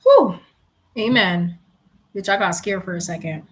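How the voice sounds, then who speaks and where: A young tarot reader chats through a casual reading, swearing freely, laughing a lot and treating viewers like friends. Her voice is medium in pitch and her pace measured.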